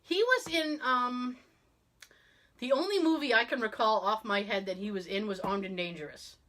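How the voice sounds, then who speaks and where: A woman hosting a podcast, telling a story in casual chat, animated and laughing often as she acts out quotes. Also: fairly high pitch, moderate pace. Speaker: podcast host.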